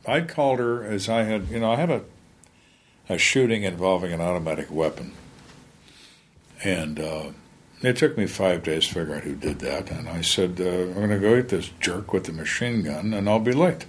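A man's voice: low voice, moderate pace, slight background noise. An older man, a retired homicide lieutenant, telling blunt, wry stories from his career in an interview. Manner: blunt, plain-spoken, wry. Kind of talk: candid storytelling interview.

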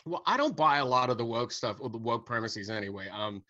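A man's voice: medium pitch, expressive, fairly quick, sharp tone, no echo, muffled recording. An older man from the United States, a stand-up comedian speaking bluntly and unapologetically as an interview guest, chuckling through his points. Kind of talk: casual interview chat.

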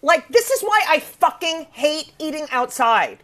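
A middle-aged woman comedian telling stories in a brash, profane, animated way, acting out the people in them. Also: sits high, unhurried. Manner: brash, profane storytelling with acted-out voices. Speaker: comedian guest. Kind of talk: casual comedic chat.

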